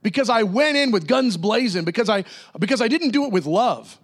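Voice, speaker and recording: A man with a notably high-pitched voice preaches a lively sermon to his congregation. He jumps between bright, excited bursts and low, earnest stretches, and laughs often as he talks. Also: fairly quick. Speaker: pastor.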